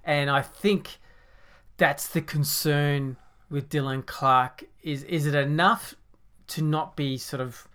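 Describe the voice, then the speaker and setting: A man co-hosting a sports podcast, speaking in a measured way and thinking aloud with pauses. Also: on the high side, steady tone, fairly bright tone. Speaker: podcast co-host. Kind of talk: casual sports chat.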